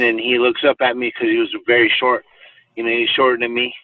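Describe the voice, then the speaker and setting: A male podcast guest tells a personal story in a rambling way, full of fillers and restarts. His medium-pitched voice is completely flat and fairly quick. The recording is dry with no room sound, yet tinny and phone-like, as if from far off.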